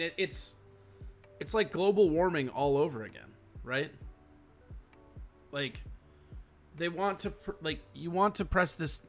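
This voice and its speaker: A man's voice: fairly high pitch, a bit bright. A man hosting a casual livestream, reading chat comments aloud and answering them bluntly, with lots of swearing, sighs and yawns. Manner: frequent yawning and sighing.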